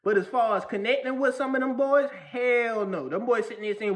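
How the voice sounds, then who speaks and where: Man, high voice, casual spiritual rant, slangy, repetitive, restarts a lot. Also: fairly quick, hardly any pauses, a bit bright. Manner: slangy, repetitive, restarts often, laughs at own jokes. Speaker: vlogger.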